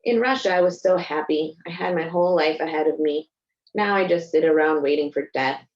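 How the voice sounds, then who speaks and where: Stubborn elderly grandmother, read by a woman; low, reproachful, muffled recording. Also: brisk, natural voice. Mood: wistful. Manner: reproachful, heavy with complaint. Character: stubborn elderly immigrant grandmother, gloomy and nostalgic.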